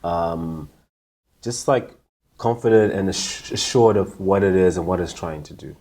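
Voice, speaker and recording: A young man from Zimbabwe with a very low, deep voice answers questions as a guest. He speaks in an easygoing, reflective way, with frequent fillers like "like.". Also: measured pace, mellow. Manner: thoughtful, easygoing, lots of "like". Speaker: guest, conference organizer. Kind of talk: casual interview answers.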